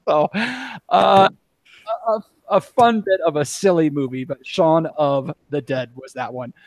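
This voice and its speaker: A man's voice: on the high side, unhurried, darkish tone, dry recording, clean studio sound. A man hosting a casual podcast, chatty and full of filler words. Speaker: podcast host.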